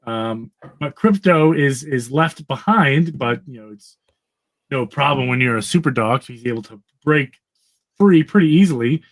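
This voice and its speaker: A man's voice: medium pitch, animated, normal speed. A man casually recapping an old comic book on a podcast, rambling with fillers and laughing as he goes. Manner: rambling, laughing, acts out characters' lines. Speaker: podcast co-host.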